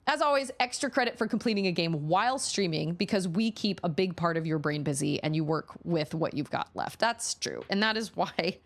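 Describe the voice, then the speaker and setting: Woman in her thirties, lower voice, chatty storyteller streaming from home. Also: fairly quick, hardly any pauses. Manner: chatty, animated storytelling with many fillers. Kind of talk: casual chat.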